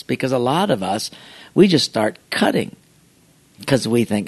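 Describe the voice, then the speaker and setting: Brief: middle-aged male pastor, lively swooping delivery, gravelly, storytelling. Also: mid-range voice, normal speed. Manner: animated, humorous, self-mocking. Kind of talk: storytelling sermon anecdote.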